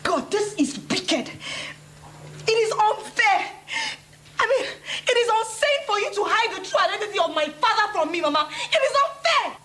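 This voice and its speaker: A woman's voice: very high-pitched, a little fast, hardly any pauses, a bit bright. A woman playing a distressed young woman who pleads and accuses her mother. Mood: upset. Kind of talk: film drama acting.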